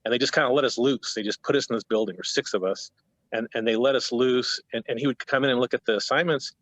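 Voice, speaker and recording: A man's voice: medium pitch, fast, fairly bright tone, dry recording, rough recording. A man in his fifties, a painter on a panel, telling stories in a rambling, self-interrupting way over a video call. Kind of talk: casual panel talk.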